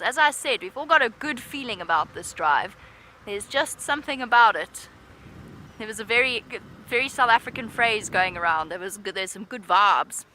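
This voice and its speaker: A woman's voice: medium pitch, pushed and bright, slight background noise. A woman presenting a live safari drive from an open vehicle, chatty, upbeat and playful.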